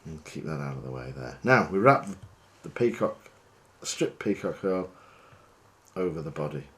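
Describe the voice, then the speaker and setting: A man, working as a fishing guide, talking through a fly tying demonstration in a chatty, relaxed, self-deprecating way. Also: rumbling low, normal speed.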